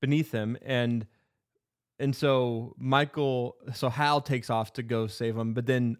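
A man casually retelling a movie's plot, rambling with lots of fillers and restarts. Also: medium pitch. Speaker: podcast co-host.

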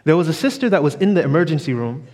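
A man with a fairly high voice preaches a sermon and tells a story from the pulpit. He stretches key phrases slowly and checks in with the congregation. His voice rings with long reverb in a church hall. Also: big pitch swings, a little mellow. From New York. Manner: call-and-response preaching, drawn-out emphatic phrases. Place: church sanctuary.

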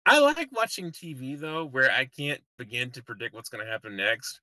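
A man's voice: mid-range voice, huge pitch swings, normal speed, sharp tone, dry recording. A man co-hosting a podcast, making wry remarks and laughing often. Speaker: podcast co-host. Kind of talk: casual recap chat.

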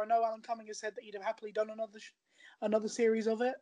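A woman talks through her recommendation in a loose, conversational way, circling back and restarting her sentences as she goes. Her voice sits a touch higher than most women's. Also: level tone, racing, warm tone. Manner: chatty and rambling, with many restarts. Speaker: guest recommending a TV show. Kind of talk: casual podcast chat.

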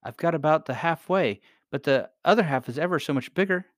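A man's voice: on the high side, brisk, no room sound, clean studio sound, pitched above the performer's own voice, natural voice. A man voicing a brave, determined young princess girl with an eager tone in a storybook reading. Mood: earnest. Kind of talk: audiobook character voice.

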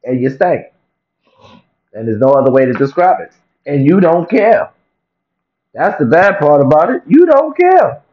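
Man, profane comic vlog rant, lively swinging pitch, dull lo-fi sound. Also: moderate pace, pauses often. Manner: profane, animated, repetitive rant. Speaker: vlogger. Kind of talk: comedic rant to camera. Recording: dull lo-fi recording.

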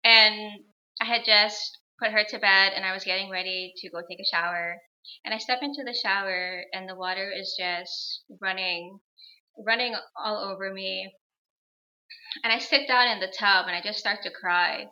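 A woman's voice: medium pitch, fairly even intonation, moderate pace, bright, forceful tone, rough recording. A woman in her thirties, a guest on an interview show, telling a personal story in an earnest, reflective way and repeating phrases for emphasis.

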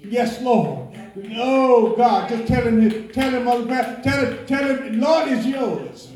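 High-pitched guy praying slow and fervent in a church, shouting praises, big echo. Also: expressive. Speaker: prayer leader in church. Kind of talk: fervent spoken prayer. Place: church sanctuary. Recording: echoey church sanctuary.

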